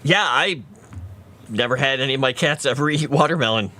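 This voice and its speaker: A man's voice: medium pitch, a little fast, sharp tone. A man chatting casually on a livestream, rambling and answering viewers' chat. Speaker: streamer.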